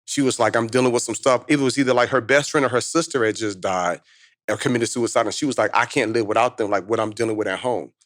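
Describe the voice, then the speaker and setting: A man in his thirties, a motivational speaker, telling his life story in lively slang-filled conversation as a podcast guest. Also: medium pitch, dry recording, studio quality. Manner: fast, animated street-slang storytelling.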